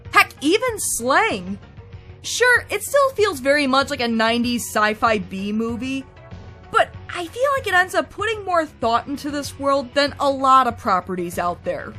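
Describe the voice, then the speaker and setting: Animated high-voiced woman reviewing games. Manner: wry, chatty, animated. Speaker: game reviewer. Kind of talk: scripted video game review narration.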